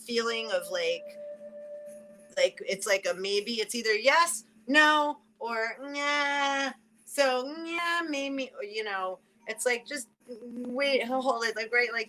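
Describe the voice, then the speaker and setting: A woman with a mid-range voice gives a spiritual card reading in a casual livestream chat. She rambles animatedly, saying "like" a lot and laughing quickly, and the audio is poor.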